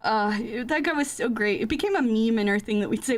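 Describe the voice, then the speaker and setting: Young woman, high voice, giggly, rambling casual chat, desk mic, faint music behind. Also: brisk. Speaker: streamer. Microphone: desk microphone.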